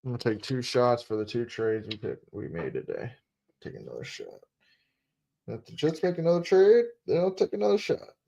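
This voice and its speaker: A man's voice: medium pitch, huge pitch swings, moderate pace, gravelly, mellow. A man casually talking through a live sports stream, repeating himself and muttering asides. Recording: dull lo-fi stream audio.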